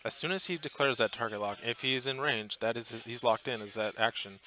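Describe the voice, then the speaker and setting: A man's voice: mid-range voice, a little fast, few pauses, bright, forceful tone, slight background noise. A man commentating live on a tabletop tournament match, chatty and thinking aloud with fillers and restarts, from a booth at the event. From Portland area, US.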